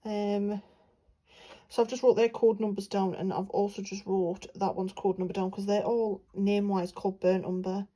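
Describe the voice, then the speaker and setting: A young woman from England chats her way through her paint swatches, rambling and filling pauses as she goes. Her voice is mellow and a little husky. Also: mid-range voice, little pitch movement, low-quality recording. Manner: chatty, rambling, many fillers. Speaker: art vlogger. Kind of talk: casual chat while swatching paints.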